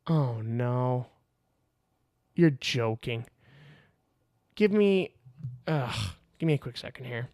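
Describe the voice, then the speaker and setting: A man's voice: mid-range voice, lively intonation, slow pace, pauses often, a little mellow, dry recording, studio quality. A man hosting his own podcast, telling a story casually and with energy, swearing freely and laughing as he talks, recorded on a video camera on a tripod. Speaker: podcast host.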